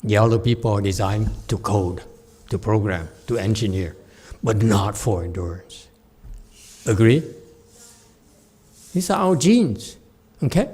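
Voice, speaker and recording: A man's voice: fairly low pitch, a little slow, long pauses, husky. A man giving a Buddhist dharma talk as a meditation teacher, telling a story with laughs and acted voices. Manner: animated storyteller, laughs often, acts out the voices.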